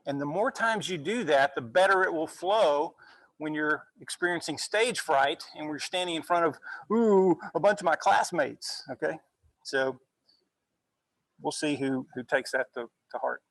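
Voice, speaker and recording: A male university instructor giving a relaxed classroom lecture, often checking in with "okay?" as he goes. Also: on the high side, moderate pace, no echo, low-quality recording. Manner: conversational, frequent "okay?" check-ins.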